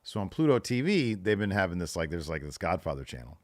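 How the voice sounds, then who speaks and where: A man's voice: low-pitched, big pitch swings, fast, dry recording. A man co-hosting a podcast who chats in a loose, rambling way, full of fillers. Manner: chatty, rambling, many fillers like "like" and "you know". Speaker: podcast co-host. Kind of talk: casual chat.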